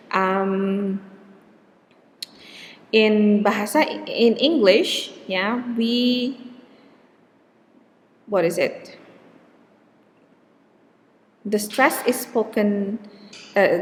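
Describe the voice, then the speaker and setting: Slow-talking Indonesian woman lecturing on linguistics. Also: mid-range voice, in a large hall. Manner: explanatory, with frequent fillers and self-corrections. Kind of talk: recorded online lecture.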